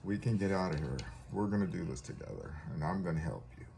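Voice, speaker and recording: A calm helper speaks in a low, unhurried, reassuring voice, as a man telling a story puts him on. He sounds steady and sure. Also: vocal fry, a little hiss or hum. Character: calm reassuring man who has been through it.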